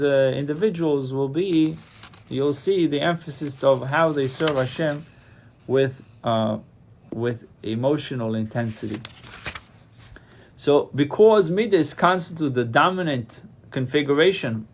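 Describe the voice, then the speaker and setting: A man teaches a Torah class as a rabbi, setting out Hebrew terms and then giving their meaning in plain words. He often goes back over a phrase to make the point land, with frequent restarts. His voice sits at an ordinary middle pitch for a man. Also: vocal fry. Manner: explains Hebrew terms then translates them, repeats phrases, many restarts. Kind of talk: Torah lecture.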